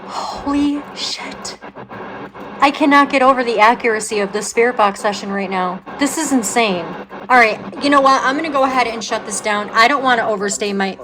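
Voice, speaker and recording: A woman's voice: fairly high pitch, fast, few pauses. A woman hosting a paranormal vlog who puts questions to spirits and breaks into gasps and exclamations, with candles crackling in the background. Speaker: paranormal vlogger. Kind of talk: spirit box session vlog.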